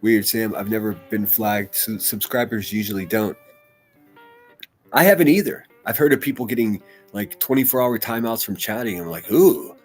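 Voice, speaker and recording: Faint music runs under this livestream host, an American man who reads chat comments out loud and rambles casually, swearing freely. He speaks at a normal speed in a voice on the low side.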